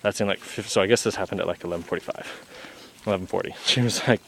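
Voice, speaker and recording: A man's voice: low voice, racing, vocal fry, slight background noise. A young man, a travel vlogger, telling a story in a casual, laid-back way, full of "like" and acted-out quotes.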